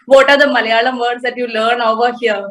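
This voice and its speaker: A woman's voice: a little high, little pitch movement, brisk, a bit bright, rough recording. A woman hosting an interview, bubbly and teasing, giggling often between questions. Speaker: interview host.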